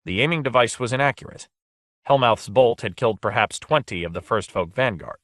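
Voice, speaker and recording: In a clean studio recording with no room sound, a man with a mid-range voice reads a scripted audiobook narration at a steady, measured pace.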